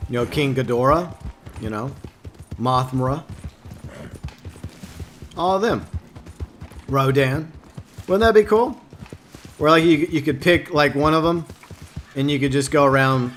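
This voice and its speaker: A man's voice: a little high, unhurried, pauses often, fairly bright tone, soft background music. A man chatting casually during a live game stream, answering viewers and joking in a mock-whiny way.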